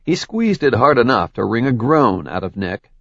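A man narrating an audiobook in an unhurried, measured way. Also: mid-range voice, big pitch swings, gravelly, fairly bright tone, no room sound, muffled recording. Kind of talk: scripted narration.

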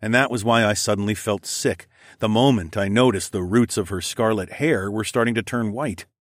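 A man narrating first-person fiction in a steady, measured storytelling way. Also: fairly low pitch, no room sound, clean studio sound. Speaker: audiobook narrator.

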